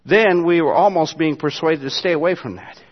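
A man preaching a sermon as pastor, dropping to quiet asides and rising to loud, emphatic passages. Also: on the high side, normal speed, big-room sound, highs cut off.

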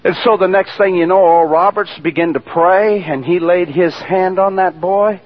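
A man's voice: high voice, fairly even intonation, moderate pace. A man giving a spoken testimony in a preacher's storytelling manner, acting out the voices of the people he quotes. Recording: dull lo-fi radio recording.

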